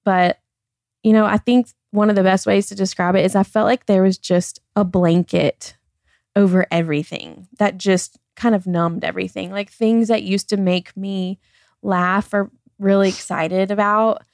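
A woman's voice: medium pitch, steady tone, moderate pace, creaky, a little mellow, no room sound, studio quality. A woman in her thirties who talks earnestly in a candid personal conversation as a podcast guest, often saying "like" and "I feel like.".

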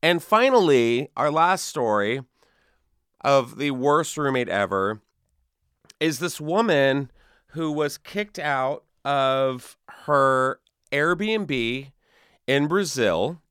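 A young man co-hosting a comedic podcast in a playful, joking way, now and then jumping into squeaky high voices for a gag. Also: animated, drawn-out words, a bit bright, clean tone, dry recording, studio quality. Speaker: podcast co-host.

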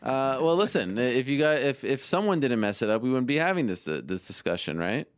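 A man hosting a show, chatting casually and teasing his co-hosts with quick questions. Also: mid-range voice, big pitch swings, no room sound. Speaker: host. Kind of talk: casual chat.

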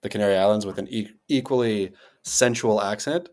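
An American man co-hosting a podcast, riffing in a playful, rambling way with sudden jumps in pitch. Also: a little fast, darkish tone. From United States. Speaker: podcast co-host. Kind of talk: casual chat.

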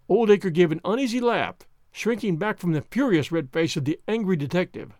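Expressive high-voiced male narrator. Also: brisk, few pauses, no echo, clean studio sound. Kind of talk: audiobook narration.

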